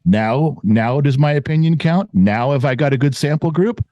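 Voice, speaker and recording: A man's voice: medium pitch, lively intonation, moderate pace, no room sound, lo-fi sound. A middle-aged man giving his opinions as a guest in casual chat, emphatic and prone to repeating words for stress. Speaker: guest commentator.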